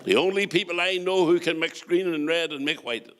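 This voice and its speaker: Man, Northern Irish accent, stand-up comic, high ringing voice, quick punchlines. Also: fairly bright tone. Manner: joke-telling, quick punchlines, chatty asides to the crowd. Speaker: comedian and compere. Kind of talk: stand-up comedy.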